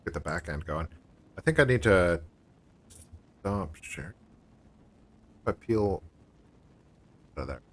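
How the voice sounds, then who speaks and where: A man's voice: sits low, lively intonation, slow pace, long pauses. A man hosting a casual game livestream, chatting in a laid-back way and laughing often. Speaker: streamer.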